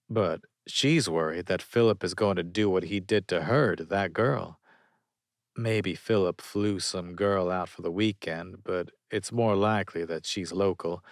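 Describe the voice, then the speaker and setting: A man's voice: sits low, no echo, studio quality. A man narrating a romance audiobook in first person, wry and conversational.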